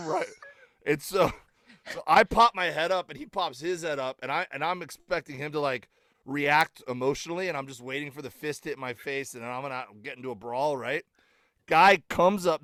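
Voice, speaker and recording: His voice is on the high side and the recording is dry. A middle-aged comedian appearing as a podcast guest, he chats casually through animated stories, leaning on fillers and acting out quotes.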